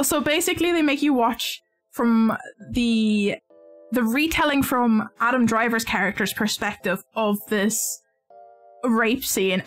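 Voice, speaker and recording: A woman's voice: a little high, fairly bright tone. A woman streaming live, chatting casually while she crochets, rambling and often restarting her sentences.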